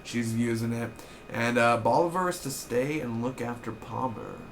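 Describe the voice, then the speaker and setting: A young man rambles excitedly through a TV episode recap, swearing freely and chasing tangents. His voice sits at an ordinary male pitch, with a faint noise underneath. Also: moderate pace, gravelly. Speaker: TV episode reviewer. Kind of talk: casual recap.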